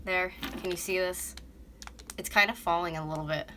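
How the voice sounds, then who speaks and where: A young woman in her twenties streams a casual nail tutorial from her bedroom vanity. Her voice is bright and forward, and she rambles bluntly with plenty of swearing. The sound comes from a phone propped up close, with faint noise underneath. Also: lowish voice, fairly even intonation, normal speed. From North America. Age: 20s. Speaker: beauty vlogger. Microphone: phone camera propped up close.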